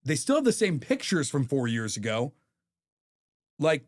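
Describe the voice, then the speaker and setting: A man's voice: medium pitch, big pitch swings, unhurried. A man in his thirties, a podcast guest telling stories in a candid, profane way. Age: 30s. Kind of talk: casual chat.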